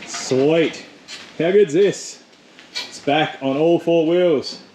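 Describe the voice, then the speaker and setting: A joking, teasing Australian man chats casually as he works on a car in his home shed. His voice sits a touch high, and a faint hiss of noise runs beneath it. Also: drawn-out words, a little mellow. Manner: jokey, teasing, chatty. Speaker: channel host. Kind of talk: casual chat while working on a car.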